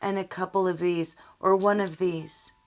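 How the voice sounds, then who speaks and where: A woman's voice: on the low side, steady tone, faint music behind. A woman giving a tarot reading, speaking earnestly and emotionally straight to the viewer. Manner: slow, emotional, earnest, addressing the viewer directly. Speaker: tarot reader.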